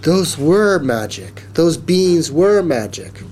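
A man voicing a spunky, brave little girl in a read-aloud storybook, speaking in a high, eager voice. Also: big pitch swings, slow pace, a little mellow, a little hiss or hum.

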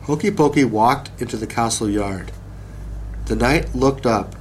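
A man reading a children's story aloud, slow and deliberate. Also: medium pitch, a little hiss or hum. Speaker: narrator.

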